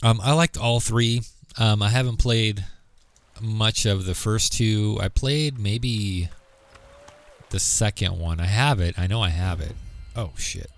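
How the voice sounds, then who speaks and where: A man with a deep voice and a gravelly fry talks loosely to his stream audience as he plays. He wanders through half-finished thoughts full of ums and likes, and he mutters under his breath between them. Soft music plays underneath. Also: takes it slowly. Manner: rambling, filler-heavy, muttering asides while playing. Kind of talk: casual gaming livestream chat.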